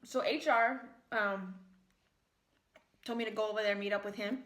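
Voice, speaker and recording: A young American woman records a casual mukbang vlog in her kitchen at home, eating while rambling through filler-heavy stories. Her mid-range voice is slightly bright, with fairly even intonation and a normal pace, and the room sounds echoey.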